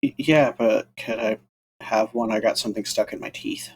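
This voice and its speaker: A man's voice: fairly low pitch, steady tone, normal speed, slightly rough. A man playing a tabletop game, making dry jokes in character. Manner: dry, joking. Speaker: player. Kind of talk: tabletop role-play.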